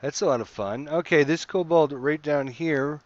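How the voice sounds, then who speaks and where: A man running an online tabletop game as game master, calmly narrating combat and ruling on moves. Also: on the high side, moderate pace, no room sound, dull audio.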